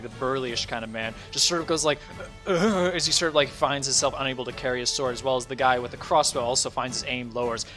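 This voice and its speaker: A man runs a tabletop game as its game master, narrating in a loose, rambling way with plenty of fillers. His voice sits at a middle pitch with a bright, forceful tone. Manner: rambling, filler-heavy, laughing asides.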